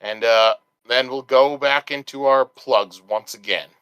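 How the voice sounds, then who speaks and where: A man's voice: medium pitch, a little slow, a bit bright, smooth, dry recording, low-quality recording. A man co-hosting a podcast in casual chat, explaining things in a rambling way with restarts. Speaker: podcast co-host.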